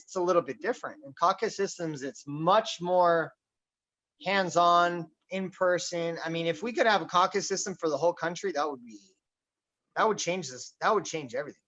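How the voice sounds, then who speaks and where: A man hosting a casual political chat, talking in a boisterous, loud and animated way. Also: high voice. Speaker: podcast host. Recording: dull lo-fi recording.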